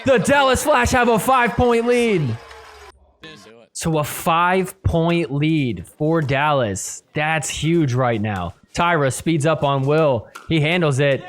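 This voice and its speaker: A man hosting a podcast, giving excitable play-by-play commentary over match footage and shouting at the big points. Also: a little high, slow pace. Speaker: podcast host.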